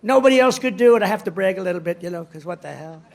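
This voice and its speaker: A man's voice: high voice, lively intonation, rapid-fire, creaky, darkish tone. A man giving a rally speech in a rambling, boastful, digressive way. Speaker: politician addressing a rally.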